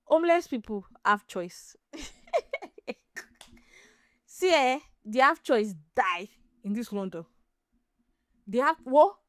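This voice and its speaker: A Nigerian woman hosting a podcast, chatting casually as an animated, laughing storyteller. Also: fairly high pitch, slow, pauses often, no echo, clean studio sound. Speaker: podcast host. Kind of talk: casual chat.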